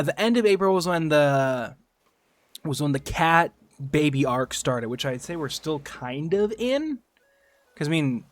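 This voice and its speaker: A man chatting casually on a gaming livestream, rambling, joking and swearing. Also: mid-range voice. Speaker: streamer.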